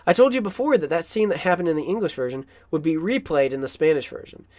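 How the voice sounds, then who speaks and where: A man's voice: fairly high pitch, lively intonation, fast, a little mellow. A man giving an enthusiastic, rambling film commentary, with asides and chuckles.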